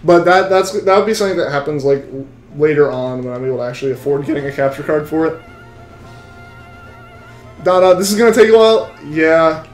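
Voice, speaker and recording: A man's voice: fairly high pitch, fairly quick, echoey room, faint music behind. A young man live-streaming a game, chatting with viewers in a rambling, casual way. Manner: rambling, chatty, full of restarts. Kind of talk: live-stream chat while shiny hunting.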